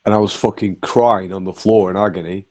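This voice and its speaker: A man's voice: deep voice, fairly even intonation, a little fast, a little mellow. A man telling a sweary anecdote to friends in a casual group chat. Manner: sweary, laughing storyteller.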